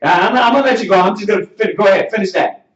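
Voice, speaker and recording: In a sermon-style class, a teacher with a high voice and a Southern US accent preaches emphatically, his questions drawn out and repeated as he climbs toward a near shout. The room echoes, and the recording sounds muffled and distant from the mic.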